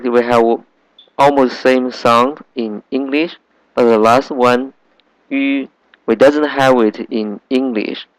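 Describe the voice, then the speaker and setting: A man teaching a language lesson, patiently repeating sounds slowly for learners. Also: medium pitch, no echo, low-quality recording. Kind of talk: slow classroom lesson.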